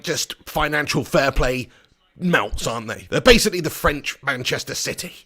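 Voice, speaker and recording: A man's voice: on the high side, fairly bright tone. A man who hosts a live football watch-along, commenting on the match and reading viewers' comments in a jokey, rambling way. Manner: chatty, jokey, rambling, banter-heavy.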